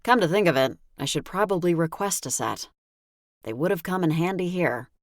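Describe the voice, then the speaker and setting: A woman's voice: on the low side, animated, normal speed, dry recording. A woman reading a first-person audiobook with a dry, wry delivery on a close studio mic. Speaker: audiobook narrator. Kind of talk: first-person scripted narration.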